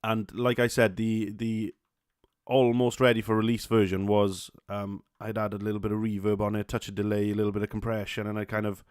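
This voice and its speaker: A man's voice: fairly low pitch, flat delivery, fairly quick, darkish tone, clear, resonant tone, no echo, clean studio sound. A young man with a Welsh accent hosting a solo podcast, talking casually with many fillers, restarts and swear words. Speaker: podcast host.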